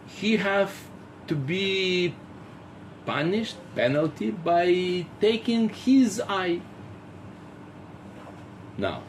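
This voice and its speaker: A man teaching as a rabbi in a philosophy lecture, halting with many fillers and acting out little dialogues. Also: fairly high pitch, gravelly, darkish tone, a little hiss or hum. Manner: rhetorical, acts out dialogues.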